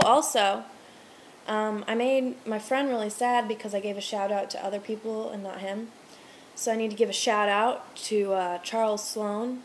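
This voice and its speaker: In a home room with the TV on, a young woman in her twenties, a restaurant server, rambles to camera, swearing freely and ranting heatedly. Her voice is medium in pitch, with slight background noise behind it.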